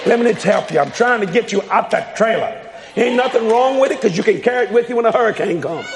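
A man preaching a sermon in a church hall, fiery and emphatic, shouting and repeating his lines. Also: high voice, animated, quick pace, noisy background. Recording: long hall reverb.

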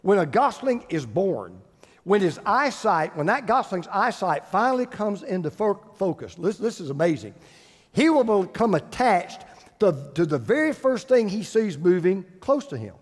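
Older pastor with a high voice. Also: male voice, big pitch swings, normal speed. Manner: emphatic, repeats phrases for stress. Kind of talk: sermon. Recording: long hall reverb.

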